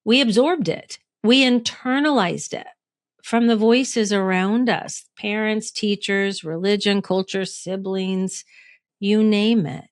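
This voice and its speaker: A woman's voice: medium pitch, slow, no echo, clean studio sound. A middle-aged woman hosting a reflective solo podcast, talking in a conversational way, asking listeners questions and laughing at herself. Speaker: podcast host and coach.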